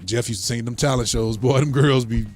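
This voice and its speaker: Joking St. morning show host. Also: male voice, mid-range voice, steady tone, a little fast, darkish tone, soft background music. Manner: joking, laughs a lot, breaks into song. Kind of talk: casual banter and singing on a gospel morning show.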